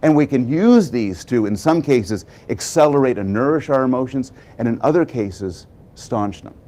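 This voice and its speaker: A man giving a prepared public talk, telling a story with animated delivery and dramatic pauses. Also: mid-range voice. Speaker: public speaker.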